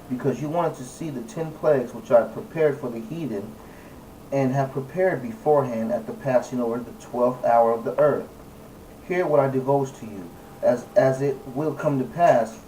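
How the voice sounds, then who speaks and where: A man's voice: medium pitch, normal speed, dark tone. A man leading a Bible study, reading verses aloud and then commenting on them emphatically, stressing and repeating key words. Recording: distant mic, faint background noise.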